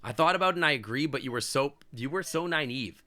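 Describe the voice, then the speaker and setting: A man's voice: mid-range voice, animated, fast talker, pushed and bright. A man reading the lines of a worried, disapproving middle-aged mother in a game, lecturing over the phone. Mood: reproachful. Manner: reproachful, lecturing.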